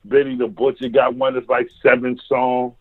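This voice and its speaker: A man's voice: mid-range voice, monotone, normal speed, no room sound. A man from Harlem with a New York accent, chatting casually and telling stories in slang. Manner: laid-back, slangy storytelling. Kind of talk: casual chat. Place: home basement. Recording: tinny phone-like line.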